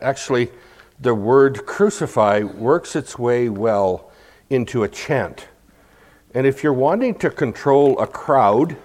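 A man preaching a sermon, explaining a scripture passage verse by verse, with asides to the congregation and acted-out crowd chants. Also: medium pitch. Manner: acts out crowd chants and quotes.

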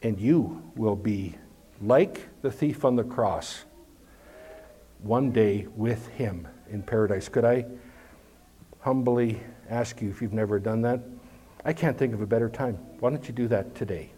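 A man preaching a sermon in an earnest, emphatic way, pausing often and repeating key words. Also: on the low side, dark tone, slightly rough. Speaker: pastor.

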